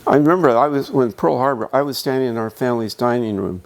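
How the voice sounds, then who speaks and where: An older man, a museum docent, telling a childhood memory in a halting, emotional way. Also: medium pitch, vocal fry. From United States. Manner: reminiscing, emotional, halting with restarts. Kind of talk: panel storytelling. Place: museum meeting room.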